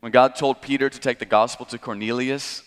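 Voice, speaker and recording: A man's voice: mid-range voice, steady tone, a little fast, clean tone, long reverb tail. A man preaching an expository sermon, explaining the text in a conversational way with light chuckles.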